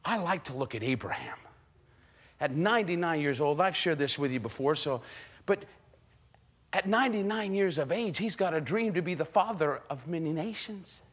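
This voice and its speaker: A man preaching a sermon in an animated way, firing rhetorical questions at the congregation. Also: fairly high pitch, moderate pace, breathy edge. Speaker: pastor.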